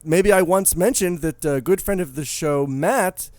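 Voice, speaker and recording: A man's voice: fairly high pitch, measured pace, no echo. A man in his thirties co-hosting a podcast in casual, joking, rambling chat. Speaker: podcast co-host.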